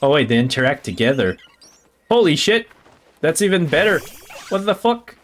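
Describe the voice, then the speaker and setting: Excitable gamer, swearing. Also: male voice, fairly high pitch, moderate pace, slight background noise. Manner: excitable, swears, stammers and restarts, hums to himself. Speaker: streamer. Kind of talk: casual let's-play commentary. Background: faint game music.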